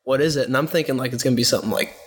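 A man's voice: medium pitch, racing, husky. A young man in casual chat with a friend, laid-back and chuckling as he tells a story.

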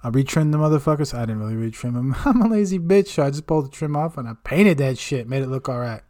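A male podcast host riffing in a loose, unscripted monologue. He rambles and jokes at his own expense, with swearing in nearly every sentence. His voice sits at a middle pitch for a man. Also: fast, darkish tone. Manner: rambling, swears a lot, self-mocking. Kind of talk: casual profane monologue.

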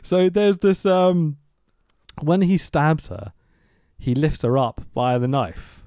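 Sarcastic man with lively pitch. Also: slow pace, no room sound, clean studio sound. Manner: sarcastic, laughs often, swears freely. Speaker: podcast host. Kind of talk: casual film review chat.

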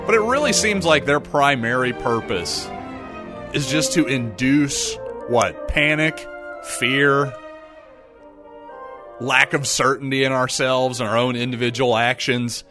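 A middle-aged man hosting his own podcast, talking through his views with sarcastic, animated asides and mocking impressions. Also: medium pitch, slow pace, music in the background. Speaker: podcast host. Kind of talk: casual solo commentary.

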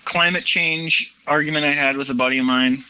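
An opinionated man holds forth in casual political chat, retelling conversations at length. His voice sounds bright and forward. The recording is dull and lo-fi, with a dry, close sound. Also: a little high, steady tone, a little fast, clear, resonant tone, no echo.

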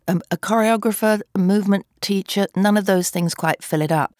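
A woman's voice: lowish voice, darkish tone, dry recording, clean studio sound. A middle-aged woman, a stage actor, giving thoughtful, articulate interview answers and sometimes searching for the right word.

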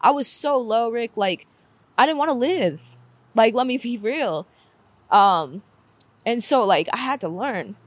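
A woman's voice: on the high side, lively intonation, unhurried, pauses often, no echo. A young woman telling a painful personal story with candor and frequent swearing, close to tears at times. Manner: candid, swears often, says "like" a lot. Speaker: podcast guest.

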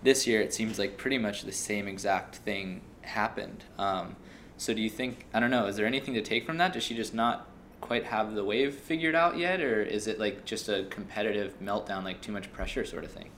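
A man's voice: fairly low pitch, normal speed, fairly bright tone, a little hiss or hum. A man hosting a casual podcast chat, talkative and loose, swearing casually as he asks questions. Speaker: podcast host.

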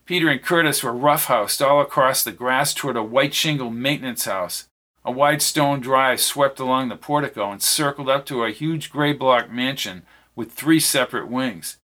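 A man narrating a thriller audiobook in a steady reading voice. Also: mid-range voice.

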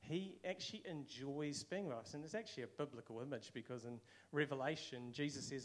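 Man, new zealand accent, casual sermon, conversational, mid pitch. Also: brisk, hardly any pauses. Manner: conversational, acts out quoted voices. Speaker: preacher.

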